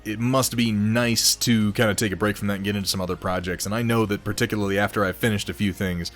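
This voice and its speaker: Low-voiced man, chatty and slightly hoarse. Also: steady tone, fast talker, a bit bright, faint music behind. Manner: chatty, mild swearing, laughs often. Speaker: host of a miniature painting stream. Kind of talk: casual livestream chat, reading viewer posts.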